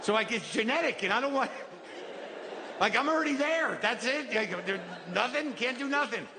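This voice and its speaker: Neurotic, self-deprecating middle-aged comedian. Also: male voice, extremely high pitch, lively intonation, moderate pace, noisy background. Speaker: stand-up comedian. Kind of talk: stand-up routine. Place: comedy venue stage. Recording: live hall reverb with audience.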